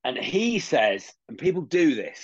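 A man's voice: on the high side, very animated, a little slow, slightly rough, lo-fi sound. A man co-hosting a podcast, chatting casually in a jokey, rambling way with mocking asides. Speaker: podcast co-host. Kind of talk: casual chat.

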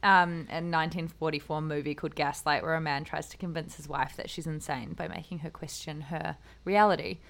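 Low-voiced woman chatting casually. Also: steady tone, a little fast, vocal fry, few pauses, a bit bright. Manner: relaying news stories in a conversational way. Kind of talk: casual chat.

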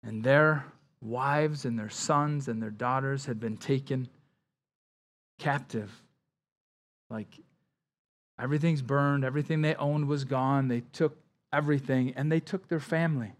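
A man pastor preaching a Bible-study sermon in a conversational way, dropping quiet on somber lines and rising on emphasis. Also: measured pace, long pauses. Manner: conversational preaching, with frequent "like" and "right?" asides and repeated words; drops his voice low and quiet on somber lines, rises louder on emphasis.

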